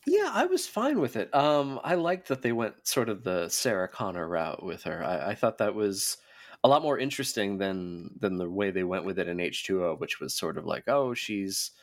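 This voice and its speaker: A man from North America, a podcast guest, with a lowish voice that swings widely in pitch as he talks. He speaks earnestly and stops to restart his phrases often. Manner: animated, earnest, halting with restarts. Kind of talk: casual chat.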